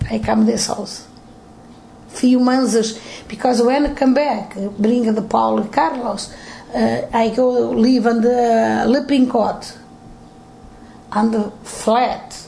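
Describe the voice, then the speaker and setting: A woman's voice: on the high side, creaky, a little hiss or hum, poor audio. An older woman with a Portuguese accent, telling her family history in broken English during an interview at home. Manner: broken English, animated storytelling with acted quotes.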